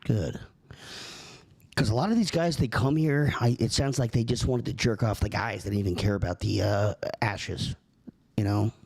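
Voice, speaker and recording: A man's voice: fairly low pitch, moderate pace, vocal fry, a little mellow, slightly rough. A man making a prank call, earnest and rambling, keeping a straight face. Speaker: prank caller.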